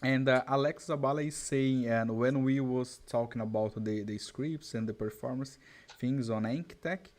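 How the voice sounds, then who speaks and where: A man hosting a live interview show, friendly and quick to laugh, with many "uh" fillers between his words. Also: mid-range voice, a little mellow. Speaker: host.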